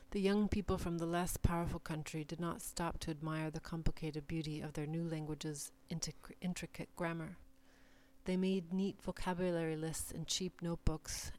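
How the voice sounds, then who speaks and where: Woman reading prose in a low, flat voice. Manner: measured, deliberate reading of numbered passages. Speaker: reader.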